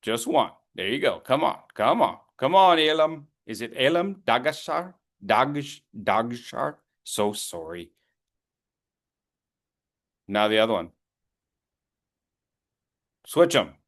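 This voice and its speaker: Slow and very animated, with long pauses and a fairly bright medium-pitched tone, a man in his fifties coaches a lively public speaking workshop. He playfully encourages participants, calling on them by name.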